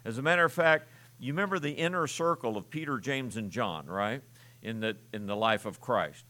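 A man's voice: medium pitch, lively intonation, normal speed, pushed and bright. Man preaching in a conversational sermon. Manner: conversational teaching with frequent fillers and restarts. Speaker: pastor.

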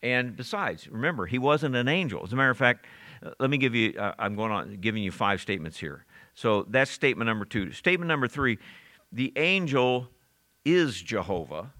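A man's voice: medium pitch, expressive, a little fast, bright, forceful tone. A man teaching the Bible verse by verse, talking conversationally and asking his listeners questions as he goes. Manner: conversational, with frequent restarts and audience questions.

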